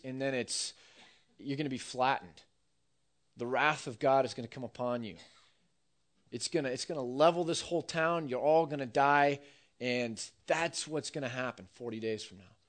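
A man preaching a sermon, telling a story with lively, acted-out quotes. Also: mid-range voice. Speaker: pastor.

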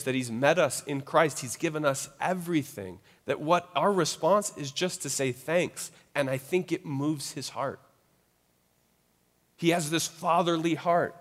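Man, pastor, slightly high voice, sermon with story and prayer, long hall reverb. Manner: animated storytelling, then soft prayer.

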